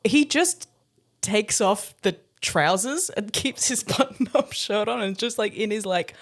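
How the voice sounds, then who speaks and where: Woman podcast co-host, lively storyteller, laughs often, casual swearing. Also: mid-range voice, measured pace.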